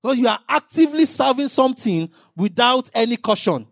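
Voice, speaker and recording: Man, preacher, impassioned sermon, shouted emphasis, dry close sound. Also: extremely high pitch, expressive, fairly quick, no echo.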